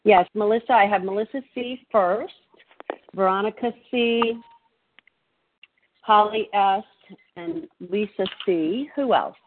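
A woman's voice: medium pitch, takes it slowly, long pauses. A woman chairing an online recovery meeting in a friendly, apologetic, slightly flustered way. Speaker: meeting leader. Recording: tinny phone line with faint noise.

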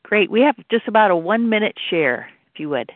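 A woman's voice: mid-range voice, big pitch swings, a little fast, no room sound. Gracious woman chairing by phone. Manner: gracious, thanking each speaker. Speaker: meeting chair. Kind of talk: chairing a support meeting. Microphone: phone call. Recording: dry tinny phone line.

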